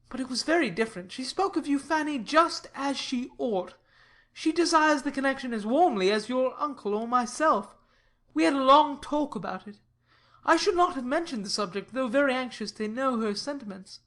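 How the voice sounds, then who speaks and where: A woman reading an audiobook, giving the lines of an earnest, sober young gentleman in a measured, persuasive way. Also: fairly high pitch, close to an everyday voice. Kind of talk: audiobook reading of a classic novel.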